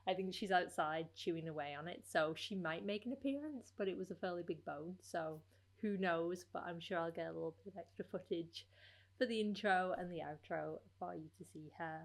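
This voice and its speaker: Knitting podcast host, female, slightly low voice, relaxed rambling chatter. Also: fairly quick. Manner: chatty, rambling with many fillers. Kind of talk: casual chat.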